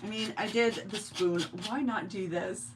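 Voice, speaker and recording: A woman's voice: mid-range voice, unhurried, noisy background. A woman from New York hosting a live craft stream, chatting casually with viewers and greeting them by name while she works. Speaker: craft livestream host.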